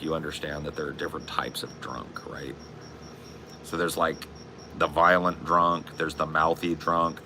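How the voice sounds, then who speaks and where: A streamer and podcast host in his forties talks in a very deep voice with a sharp tone, with slight background noise. He chats casually on a live stream, rambling and swearing in a bro-ish way.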